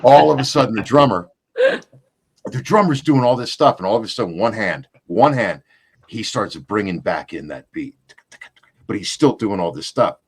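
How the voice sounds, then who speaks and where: A man hosting a casual chat, telling a gig story in an animated way. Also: lowish voice, moderate pace, slightly rough. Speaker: podcast host.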